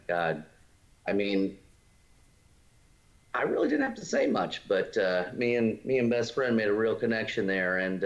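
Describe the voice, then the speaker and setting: Slow, swaggering low-voiced man. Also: muffled recording. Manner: swaggering and profane. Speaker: tabletop game player, cast member. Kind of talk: casual chat on a livestream.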